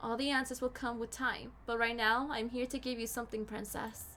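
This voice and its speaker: A scheming witch speaks in a hushed, silky murmur, as a woman puts her on. She sounds smug and taunting, pitched lower and quieter than the reader's usual high, bright voice. Every line drips with calm mockery. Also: fairly quick, a little hiss or hum.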